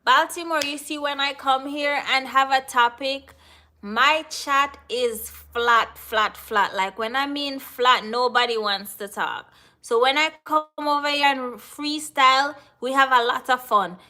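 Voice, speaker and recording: A woman's voice: sits high, steady tone, unhurried, pushed and bright. A Jamaican woman hosting a live stream, chatting casually and answering viewers in the chat. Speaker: livestream host.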